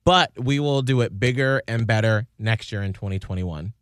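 A man's voice: lowish voice, normal speed, clean tone, no room sound, clean studio sound. A man co-hosting a podcast, chatting casually with encouraging, playful asides. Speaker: podcast co-host. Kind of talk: casual chat.

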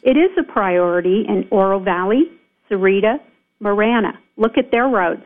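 Call-in guest: woman supervisor, emphatic and indignant, tinny phone-line sound, mid-range pitch. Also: moderate pace. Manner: emphatic, indignant, many fillers. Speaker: county supervisor calling in. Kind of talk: radio call-in interview. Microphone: telephone.

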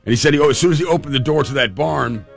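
A man's voice: on the high side, very fast, vocal fry, faint music behind. A man hosting a show, telling a funny story in a casual, chatty way with restarts. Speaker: podcast host.

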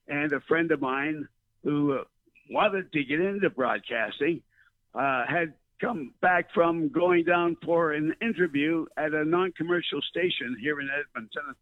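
A man's voice: on the high side, a little slow, no echo. An older man, a veteran broadcaster reminiscing in a rambling storytelling way, full of fillers and restarts, heard over the phone. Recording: tinny dry phone line.

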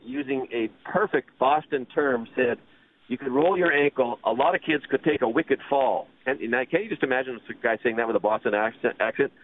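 A man in his fifties co-hosting a golf radio show, chatty and quick to laugh. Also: medium pitch. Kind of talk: casual radio chat. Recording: phone-like radio audio.

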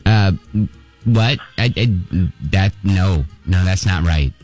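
A man's voice: low-pitched, takes it slowly, darkish tone, faint music behind, voice pushed down. A man playing a smug fake male French teacher in a radio prank call, bluffing and stammering with mock confidence. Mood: mock serious.

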